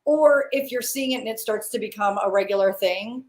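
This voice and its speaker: A woman's voice: mid-range voice, brisk. A woman, a psychic and healer, talking in a casual chat, earnest and thoughtful, often restarting her sentences.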